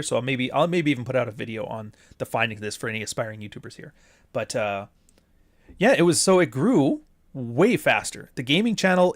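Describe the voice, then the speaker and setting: Gravelly and fairly bright, this mid-range male voice comes through with no room sound. He's a livestreamer from the Pacific Northwest who reads super chats, curses a lot, and rambles off topic in casual talk.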